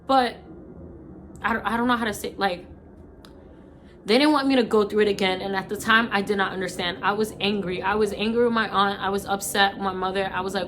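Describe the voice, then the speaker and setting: A woman's voice: medium pitch, steady tone, fairly quick, fairly bright tone, a little hiss or hum. Tearful young New York woman vlogging. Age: 20s. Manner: emotional, repetitive, heartfelt. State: crying. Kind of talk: casual chat.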